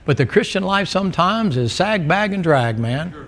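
A man's voice: high voice, expressive, normal speed, fairly bright tone. A male preacher, delivering a folksy, joking sermon to a congregation in a church. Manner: folksy, joking storyteller who teases the congregation.

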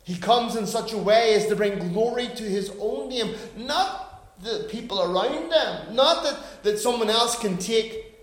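A man in his forties preaching a sermon, swinging between hushed, quiet stretches and loud, emphatic bursts. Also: sits high, lively intonation, measured pace, reverberant. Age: 40s. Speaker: pastor.

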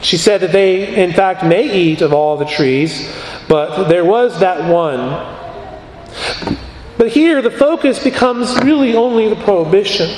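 A man preaching an expository sermon, teaching in an earnest, measured way with emphatic pauses. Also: sits high, roomy sound, big-room sound, slight background noise, low-quality recording.

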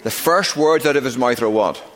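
A middle-aged male pastor delivers an emphatic sermon, drawing out the words he wants to land. His voice is pitched mid-range for a man. The sound carries a long reverb from the church sanctuary around him. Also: a bit bright. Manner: emphatic preaching, slowing and stressing key words.

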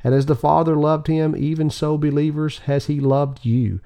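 Guy reading a sermon audiobook, slow and solemn, dark mellow tone with some gravel. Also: a little high, steady tone. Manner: measured, solemn reading with rising emphasis. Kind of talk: scripted devotional reading.

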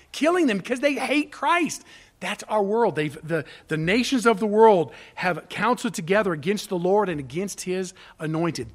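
A man preaching a sermon, swinging between loud, urgent appeals and hushed asides. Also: high-pitched. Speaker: pastor.

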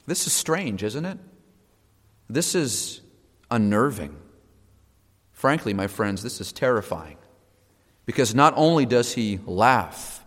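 Emphatic preacher in a reverberant hall. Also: male voice, fairly high pitch, big pitch swings, unhurried. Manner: emphatic, repeats key phrases, swings from hushed to loud. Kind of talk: sermon.

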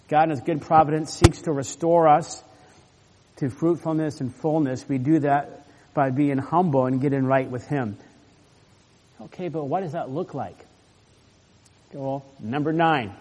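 A man's voice: medium pitch, a little mellow. A man preaching a sermon as pastor. He teaches in an earnest, explanatory way and stresses key words. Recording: long hall reverb.

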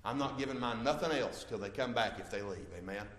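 A man preaching a sermon as pastor, impassioned and swinging from quiet stretches to loud ones. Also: medium pitch, brisk. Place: church sanctuary. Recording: echoey church hall.

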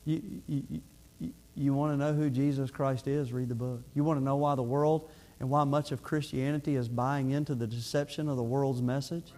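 A man's voice: medium pitch, steady tone, normal speed, mellow. A middle-aged male pastor preaching a sermon in an earnest, conversational way, often restarting his phrases.

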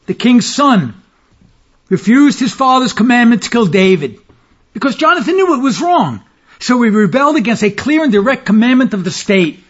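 A man preaching an expository sermon as pastor, stressing key phrases by slowing down. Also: high voice, husky, dull audio.

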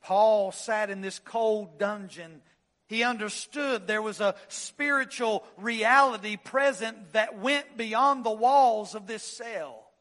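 A man preaching an expository sermon, with dramatic swings from loud emphasis down to hushed, low phrases. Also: slow pace. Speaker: pastor. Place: church sanctuary.

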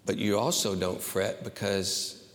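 Slow, earnest preacher man in a reverberant hall. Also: on the low side, steady tone. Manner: earnest, emphatic, slow and deliberate. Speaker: pastor. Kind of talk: sermon.

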